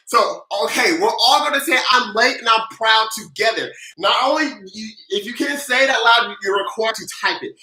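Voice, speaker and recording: A live-stream host who answers viewer questions in a loose, casual way and whips up the chat with loud chants. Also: mid-range voice. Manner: hyped-up, cheerleading the chat; casual, loose, with many fillers and restarts. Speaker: tax livestream host. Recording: roomy echo.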